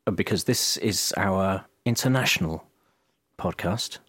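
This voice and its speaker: A man's voice: sits low, unhurried, a bit bright, husky, dry recording. A man hosting a music podcast in casual, dry banter with his co-host.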